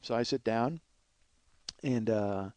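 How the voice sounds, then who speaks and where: A man hosting a comedy podcast, telling a long rambling anecdote full of swearing and restarts, and doing quick voices of the people in it. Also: medium pitch, a little mellow, no room sound. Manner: mimics other people's voices. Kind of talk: storytelling monologue.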